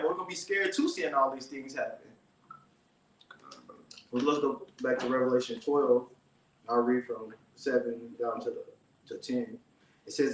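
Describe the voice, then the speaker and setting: Man discussing scripture, raised voice for readings, far from the mic, roomy echo. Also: mid-range voice. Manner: reads verses aloud in a raised voice.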